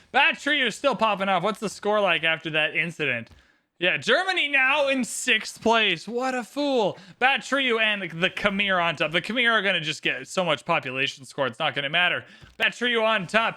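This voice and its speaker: A man commentating a live game stream, excitable and theatrical, swinging from shouts to mumbled asides. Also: high-pitched. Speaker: livestream host commentating an AI game tournament.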